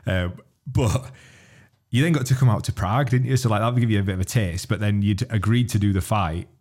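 A man hosting a casual podcast chat, telling stories with lots of laughter and swearing, in a husky voice. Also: fairly low pitch, a little fast, a little mellow. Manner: laughing storyteller, swears freely.

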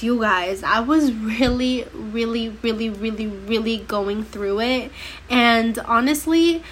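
A woman's voice: fairly high pitch, a bit bright. A young woman hosting her own podcast in casual solo chat, a bit stuffy from a cold, talking in a slangy, emphatic way. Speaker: podcast host.

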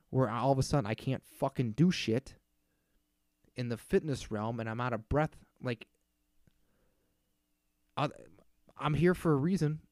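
Man in his thirties, podcast host, exasperated profane rant, mid-pitched voice, dry close sound. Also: darkish tone, dry recording. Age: 30s. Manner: exasperated, profane, mocking the people he quotes. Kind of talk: casual solo podcast rant.

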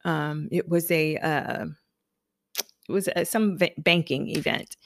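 A woman telling a personal story in a lively, conversational way, then leading into spoken affirmations as a motivational speaker. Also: deep voice, slow, dry recording, clean studio sound. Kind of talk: personal anecdote and motivational talk.

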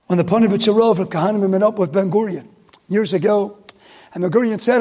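A man, a rabbi, giving a sermon, swinging from loud outrage to hushed emphasis. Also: high-pitched, fast, husky.

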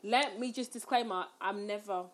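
A woman's voice: mid-range voice, normal speed. A young woman telling a funny personal story in casual chat, laughing and acting out what she and others said. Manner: animated, laughing storyteller who acts out her own quotes.

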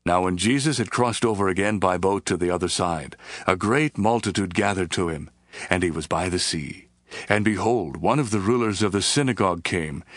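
Low-voiced man reading scripture. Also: a bit bright, no room sound, clean studio sound. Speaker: scripture reader.

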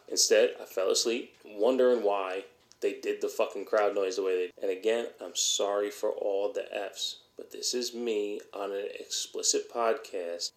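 Man, podcast host, heated blunt rant, gravelly low voice. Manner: blunt, heated, swears often.

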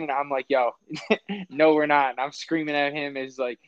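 A man's voice: mid-range voice, moderate pace, clear, resonant tone, dry recording, dull audio. A young man hosting a casual chat, telling rambling stories with slang and frequent laughs. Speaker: podcast host.

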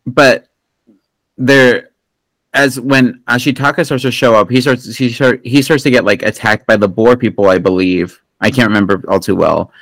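Male podcast host, mid-pitched, rambling and profane, dry close sound. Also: steady tone, moderate pace, fairly bright tone, no room sound, low-quality recording. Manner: rambling, profane, full of fillers and restarts. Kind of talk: casual movie recap chat.

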